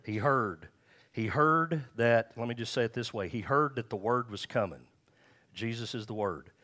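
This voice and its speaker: A middle-aged pastor, preaching a sermon in a conversational way, with asides and repeated phrases. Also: male voice, mid-range voice, moderate pace, bright, forceful tone.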